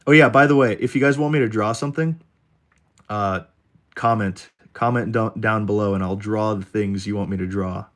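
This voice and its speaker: Sketching on stream, he keeps up a casual, joking ramble aimed right at his chat. His lowish voice holds fairly even intonation at a moderate pace.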